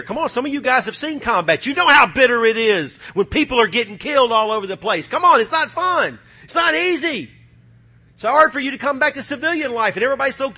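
A middle-aged man from the United States preaching a sermon, fervent, going from loud bursts to hushed asides. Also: very high voice, animated, fast talker, breathy edge.

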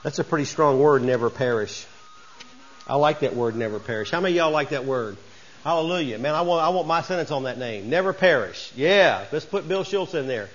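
Folksy preacher, emphatic. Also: male voice, on the high side, lively intonation, fairly quick, a bit bright, lo-fi sound. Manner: folksy, rising to emphatic bursts. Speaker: pastor. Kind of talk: sermon.

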